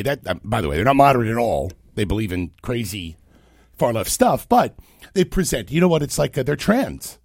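A man's voice: mid-range voice, vocal fry, a little mellow, slightly rough, no echo, clean studio sound. A man hosting a talk show, giving opinionated, mocking political commentary.

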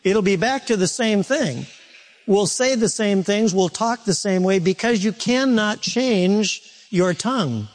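A man's voice: sits high, expressive, measured pace, slight background noise. A male pastor preaching a sermon in a church, conversational and self-deprecating, often restarting his sentences.

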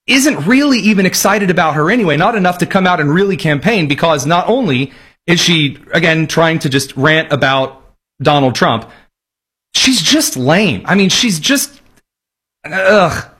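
Husky, sarcastic male political host. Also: a little high, animated, moderate pace, a bit bright. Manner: sarcastic, mocking, rambling. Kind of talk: political commentary show.

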